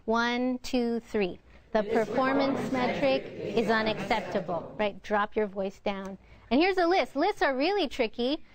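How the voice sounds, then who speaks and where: A middle-aged woman leads a workshop in a clear, coaching way, acting out intonation examples for her listeners. Her voice sits a little high. The sound is close and dry. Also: dry recording. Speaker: workshop presenter. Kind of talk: interactive workshop lecture.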